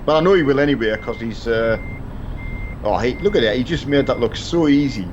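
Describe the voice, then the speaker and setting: A man's voice: medium pitch, brisk, noisy background. A middle-aged man chatting casually on a live stream of a truck game with his son, rambling and hesitant with many fillers and restarts. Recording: dull lo-fi stream audio.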